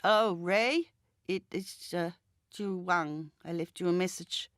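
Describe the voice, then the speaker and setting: Woman doing a gentle, hesitant man. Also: on the low side, takes it slowly, no room sound, clean studio sound.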